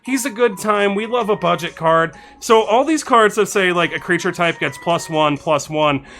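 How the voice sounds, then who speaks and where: A bright-voiced man chatting on a live stream, his pitch sitting a little high. He thanks followers and reads out text in quick, excited bursts. Soft music plays faintly behind him. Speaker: streamer reviewing card suggestions. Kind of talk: casual live-stream chat. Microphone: desk microphone.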